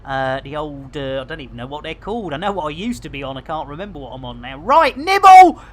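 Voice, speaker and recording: This middle-aged man, an English speaker with a Barnsley, Yorkshire accent, talks fast in a sing-song voice on the high side. He's chatting through a live game stream, cracking jokes and throwing in catchphrases.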